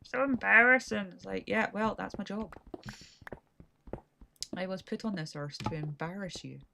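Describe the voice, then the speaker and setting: A Scottish woman streamer talks through her game in a loose, rambling chat, quick to poke fun at herself. Her voice is mid-pitched and has a gravelly edge. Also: noisy background. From Scotland. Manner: chatty, rambling, self-deprecating. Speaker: gaming streamer. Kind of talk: casual gameplay commentary.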